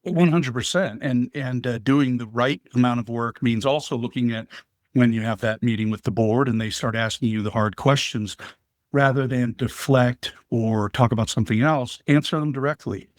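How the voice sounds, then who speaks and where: A man answering interview questions in a measured, explanatory way, using vivid analogies. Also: mid-range voice, no echo, clean studio sound. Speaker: guest, business leader and veteran.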